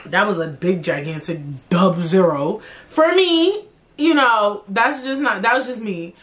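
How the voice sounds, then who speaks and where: A young woman hosting her own podcast, ranting in a blunt, profane, animated way about music and celebrities. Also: medium pitch, unhurried. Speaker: podcast host. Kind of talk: casual solo podcast rant.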